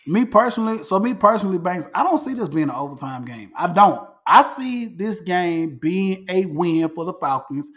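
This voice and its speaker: A man hosting a casual sports talk show, animated, repeating himself and restarting phrases as he makes predictions. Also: high voice, moderate pace, hardly any pauses. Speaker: podcast host.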